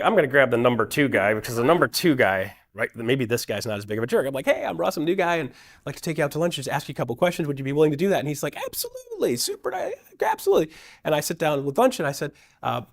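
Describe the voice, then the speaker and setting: A man's voice: medium pitch, fast. A middle-aged man, a guest speaker, telling a personal business story and acting out the dialogue of the people in it. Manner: energetic, acts out quoted dialogue with shifting voices. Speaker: guest speaker at a real estate event.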